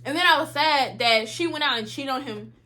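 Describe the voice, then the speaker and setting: A young woman vlogger telling a casual storytime, slangy and animated, acting out what others said. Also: high-pitched, a little fast. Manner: animated, slangy, acts out quotes.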